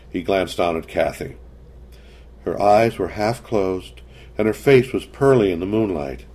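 Low-voiced male story narrator. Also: lively intonation, darkish tone. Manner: measured storytelling. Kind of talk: scripted narration.

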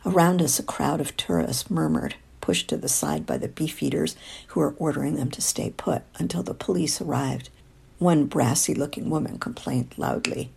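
Gravelly, husky older woman narrating. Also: low-pitched, animated, normal speed, a little mellow. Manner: wry, confiding, with frequent whispered passages. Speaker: audiobook narrator. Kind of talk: first-person storybook narration.

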